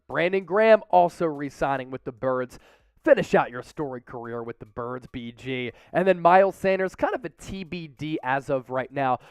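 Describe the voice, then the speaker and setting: A man hosting a live sports news show, delivering energetic commentary with salesy hype. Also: high voice, dry recording.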